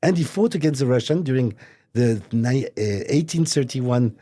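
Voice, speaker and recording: Guy guesting on a chat show, mellow husky tone, stops and restarts a lot. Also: mid-range voice, expressive. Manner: hesitant, halting, repeats words. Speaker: watch brand executive, guest. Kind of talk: casual interview. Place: recording studio.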